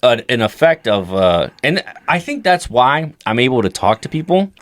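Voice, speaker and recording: A young adult man on a comedy podcast, telling profane stories about his dad and mimicking him in a lower, flatter voice. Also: normal speed, no room sound. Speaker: podcast co-host. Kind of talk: casual comedy podcast chat.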